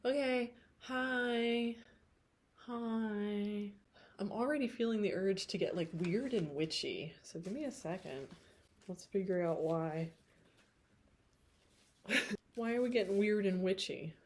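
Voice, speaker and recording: A woman's voice: on the low side, lively intonation, normal speed, pauses often, a little mellow. Chatty woman reading tarot, tired throat. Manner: chatty and rambling, often laughing. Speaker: tarot reader. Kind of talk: casual tarot reading to camera.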